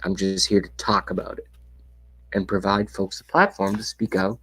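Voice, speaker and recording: Husky sarcastic man ranting on a livestream. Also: low voice, level tone, moderate pace, fairly bright tone, rough recording. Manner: sarcastic, profane, drops to whispers. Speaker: livestream host. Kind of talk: casual ranting live chat. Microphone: webcam mic.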